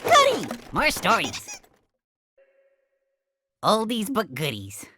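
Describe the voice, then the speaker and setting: A woman voicing a bubbly, excitable cartoon sidekick who gushes enthusiastically. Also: mid-range voice, moderate pace, noisy background. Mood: excited. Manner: gushing, wildly bouncing delivery.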